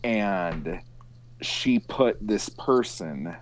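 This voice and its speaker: A man with a lowish voice chats casually over a video call and takes his time. His pitch swings widely as he tells stories, swears and mimics the people in them. He sounds loose and animated. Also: drawn-out words, a little hiss or hum. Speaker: podcast co-host. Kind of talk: casual chat.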